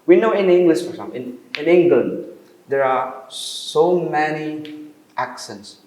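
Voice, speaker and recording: A man giving a university lecture in English, questioning the class with pauses and fillers. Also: a little high, lively intonation, darkish tone. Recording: roomy classroom echo.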